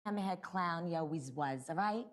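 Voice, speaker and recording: A woman's voice: on the low side, normal speed, background noise. A woman in an acting lesson talking through her voice work, self-aware and laughing easily. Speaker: acting student. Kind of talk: casual rehearsal talk.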